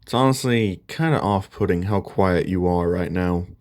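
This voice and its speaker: A cocky, blunt teenage hero played by a man who mocks people in a flat, offhand way. The voice sits a little low. It is a casually told fan story. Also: moderate pace, lightly acted. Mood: dry. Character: blunt shirtless teen hero boy, cocky.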